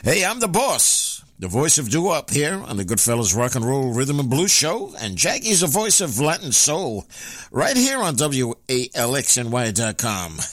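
A male radio DJ whose pitch bounces up and down as he talks, stopping often on filler sounds between names and dates. His voice is dry and close to the mic, with no room sound. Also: sing-song, a bit bright, no room sound. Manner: rambling, frequent filler pauses. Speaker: radio show host and DJ. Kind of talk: casual radio announcing.

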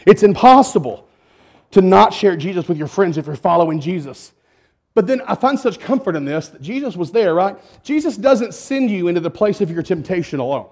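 High-voiced male preacher telling a story. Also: animated, fairly quick. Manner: emphatic, with wide swings between loud and hushed. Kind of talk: storytelling sermon.

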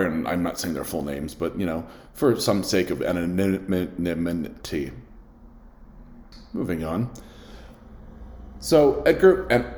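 A man with a fairly low voice tells a story casually, stumbling through restarts and leaning on filler words. His voice bounces around a bare, echoey room. The delivery is loose, rambling storytelling. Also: darkish tone. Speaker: restaurant server.

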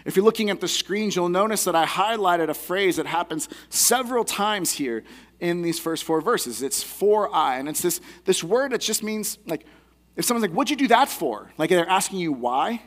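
A man's voice: high-pitched, lively intonation, moderate pace. A young adult man giving a sermon as a pastor, teaching in a conversational, earnest way.

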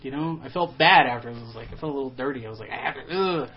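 A man's voice: medium pitch, racing, slight background noise. Wry, sarcastic man on a lo-fi podcast. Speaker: podcast co-host. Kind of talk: casual chat.

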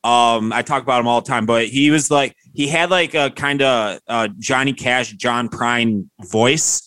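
A man's voice: medium pitch, measured pace, sharp tone, clean tone, no echo. Male podcast cohost, mid voice, laughs a lot, dry close sound. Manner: laughs often, profane. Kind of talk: casual chat.

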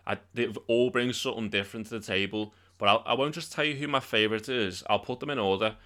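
Young man, lowish voice, bright and forceful tone, upbeat, asks the questions. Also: quick pace. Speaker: podcast co-host. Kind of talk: casual chat.

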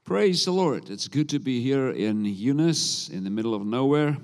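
South African preacher in a reverberant hall. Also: male voice, medium pitch, animated. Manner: warm-up banter, humorous, unhurried. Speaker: visiting preacher. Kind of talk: sermon.

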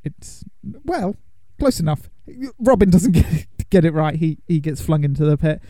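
A man's voice: a little high, lively intonation, normal speed, dark tone, dry recording. A man co-hosting a podcast, casually and playfully recapping a film and slipping into silly voices. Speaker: podcast co-host.

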